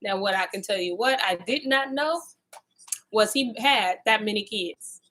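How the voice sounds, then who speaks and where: A woman's voice: medium pitch, measured pace, a bit bright, rough recording. A woman telling a story in a casual, chatty way, joking in asides. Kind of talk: casual storytelling with reading aloud.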